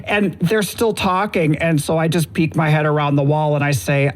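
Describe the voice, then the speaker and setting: Easygoing man with a higher voice. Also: fairly even intonation, normal speed, few pauses. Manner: chuckling storyteller, easygoing. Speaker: podcast co-host. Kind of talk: casual chat.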